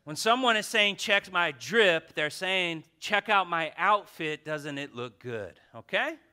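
A man preaching a sermon as pastor in a church, passionate and joking with the congregation, swinging from loud outbursts to hushed asides. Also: high voice, lively intonation, a little slow, smooth. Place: church sanctuary.

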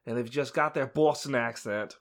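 A man's voice: medium pitch, normal speed, vocal fry. A man co-hosting a chatty podcast, explaining his topic in a rambling way with many restarts. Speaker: podcast co-host presenting a topic. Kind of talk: casual chat.

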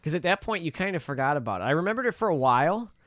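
Male co-host, relaxed and casual, a bit higher-pitched, dry close sound. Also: rapid-fire, dry recording. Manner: laid-back, swears casually. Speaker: podcast co-host. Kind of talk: casual chat about a movie.

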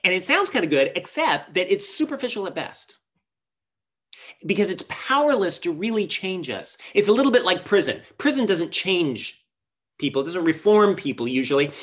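A man's voice: a little high, fairly bright tone, slightly rough. A man preaching a sermon as pastor, earnest and emphatic, asking rhetorical questions and shifting his pace.

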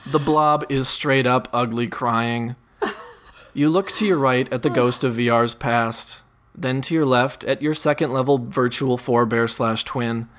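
A man narrating an interactive second-person story in a wry, deadpan way, often breaking into laughter. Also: mid-range voice, normal speed. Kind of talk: second-person choose-your-path narration.

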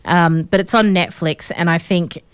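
A woman co-hosting a podcast, telling stories in a casual, animated and opinionated way. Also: fairly low pitch, moderate pace, smooth, dry recording. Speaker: podcast co-host. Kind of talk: casual chat.

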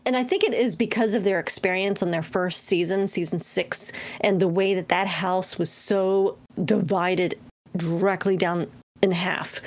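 A woman co-hosting a casual podcast, talkative and quick to laugh, with many fillers. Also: medium pitch, steady tone. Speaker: podcast co-host. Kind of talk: casual chat.

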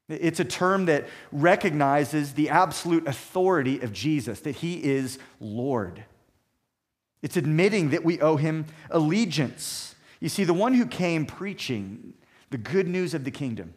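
A man preaching a sermon, emphatic and measured, building points through repeated phrases. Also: on the high side. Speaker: pastor.

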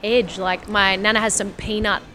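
A woman's voice: mid-range voice, little pitch movement, moderate pace, sharp tone, slight background noise. Chatty Australian woman asking questions. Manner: chatty, laughs often, curious questions. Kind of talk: casual chat.

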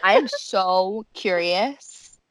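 A young woman co-hosting a casual chat, animatedly recapping a show and acting out quotes in high voices. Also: lively intonation, extremely slow. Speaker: podcast co-host.

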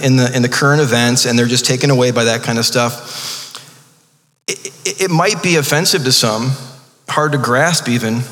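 Male pastor, mid-pitched, casual preaching style with quick jokes and stumbling restarts, long hall reverb. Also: a bit bright. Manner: conversational preaching with joking asides and many restarts. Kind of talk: sermon.

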